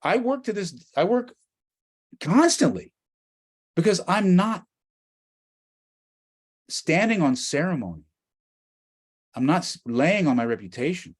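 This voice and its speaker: A middle-aged man with an American accent, giving an animated storytelling talk as a guest speaker. He swings from quiet asides to near-shouts. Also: high voice, a little slow, pauses often, slightly rough. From United States.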